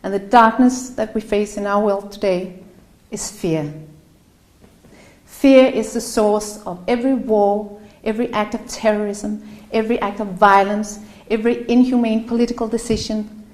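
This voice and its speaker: A woman giving an earnest, halting opening speech to a live audience, her voice catching with emotion at times. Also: mid-range voice, steady tone, a little mellow. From Denmark. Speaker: event host. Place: room in front of a live audience. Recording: roomy echo.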